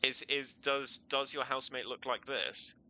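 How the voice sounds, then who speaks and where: A man's voice: mid-range voice, moderate pace, pushed and bright, a little hiss or hum, rough recording. A man streaming a video game in casual, playful commentary, thinking aloud and giggling often.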